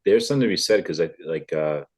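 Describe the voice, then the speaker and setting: A man's voice: deep voice, expressive, quick pace, a little mellow. A man in casual chat, speaking hesitantly and thoughtfully.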